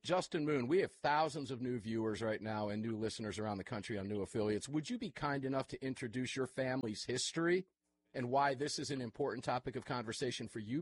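A man hosting a live talk radio show from his studio, chatty and energetic, with quick asides to his guests. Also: medium pitch, husky. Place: studio full of electronic equipment. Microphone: studio microphone.

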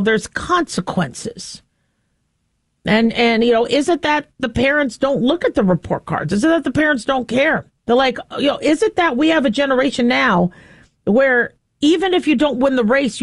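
A woman in her fifties hosting a monologue, an animated storyteller who acts out the people in her anecdotes. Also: high voice, dry recording, clean studio sound.

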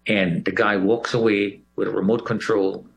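A man's voice: fairly low pitch, moderate pace, creaky. A man recounting a personal experience, telling the story with animation and acting out the voices of others. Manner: animated storyteller who acts out quoted voices. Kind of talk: personal recollection.

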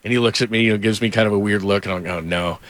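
A man's voice: fairly low pitch, level tone, racing, fairly bright tone, no echo. Sports radio guy rambling through a story, lots of "like", dry close mic. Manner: rambling anecdotes full of fillers.

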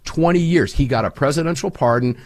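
A man's voice: on the high side, brisk, darkish tone, no room sound, clean studio sound. A man who hosts his own program, telling stories with emphasis as a guest on a political talk show. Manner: emphatic, storytelling. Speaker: radio host. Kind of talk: political talk radio interview.

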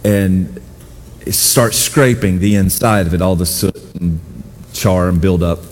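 A middle-aged man preaching a sermon as pastor, telling personal stories with self-deprecating humor and animated voices for the people he quotes. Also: low-pitched, measured pace, big-room sound, a little hiss or hum.

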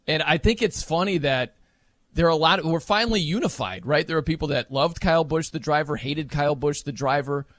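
Slightly high-voiced guy on a sports talk show, gets animated, close dry mic. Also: brisk, no echo. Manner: animated, mimics wrestling announcers for laughs. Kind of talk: casual sports chat.

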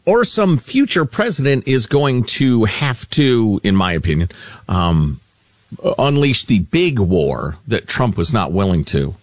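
A man's voice: fairly low pitch, very animated, measured pace, no echo. A man co-hosting a talk radio show, chatting wryly about politics and teasing upcoming segments. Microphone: studio microphone.

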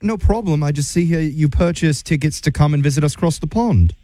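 Guy doing a bad british accent, smug airline agent, mellow kinda high voice, teasing. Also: brisk, lightly acted. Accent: bad put-on British. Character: cheeky fake British airline rep, man.

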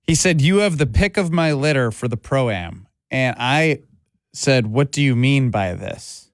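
A man's voice: mid-range voice, animated, measured pace, no echo. A man hosting sports radio, talking in a loose, rambling way with lots of fillers. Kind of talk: casual sports talk.

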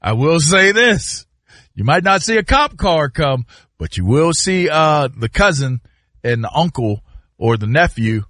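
Guy chatting, animated storyteller, high and bouncy pitch. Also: unhurried, no room sound, clean studio sound. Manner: animated storyteller, loud sudden shouts. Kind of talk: casual chat.

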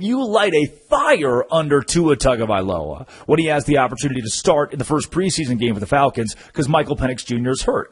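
A man's voice: mid-range voice, sing-song, brisk, hardly any pauses, slightly rough, rough recording. A man hosting a sports talk radio show, delivering an emphatic, storytelling monologue.

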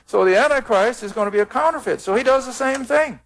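Gravelly high-voiced man teaching scripture. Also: fast. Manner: earnest, plain-spoken, reads scripture aloud and explains it. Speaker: Bible teacher. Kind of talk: televised Bible teaching.

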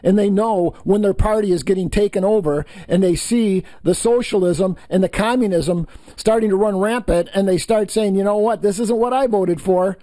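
High-voiced man ranting as a talk host. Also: normal speed, hardly any pauses, warm tone, no room sound. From New York State. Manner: heated, scornful, stumbles and repeats words. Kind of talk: political commentary rant.

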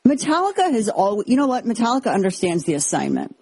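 Chatty, husky-voiced woman host. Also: a little high, quick pace, no echo. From Texas. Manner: chatty, sarcastic, animated asides. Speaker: commentary show host. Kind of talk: casual opinion monologue. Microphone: headphones on, close mic.

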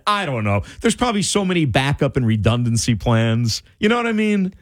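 A man telling a personal story in a casual, animated way, full of "like" and restarts. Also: medium pitch, brisk, hardly any pauses, no echo, clean studio sound. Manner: animated, wide-ranging delivery, lots of "like" and restarts.

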